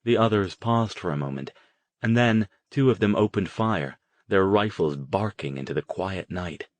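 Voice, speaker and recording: A man narrating an audiobook in a measured, even storytelling manner. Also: low voice. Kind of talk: scripted narration.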